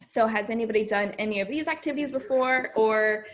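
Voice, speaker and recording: A woman's voice: a little high, a little fast. Chatty young woman leading a coaching session. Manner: chatty, fills speech with "like" and "um". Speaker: personal development coach. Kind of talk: casual group coaching session.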